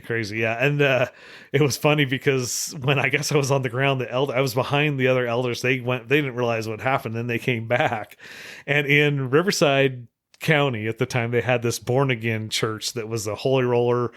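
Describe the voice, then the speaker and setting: A man's voice: mid-range voice, fairly even intonation, a little fast, a bit bright. A middle-aged man, a podcast guest, telling stories casually, laughing often and swearing freely. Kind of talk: casual storytelling.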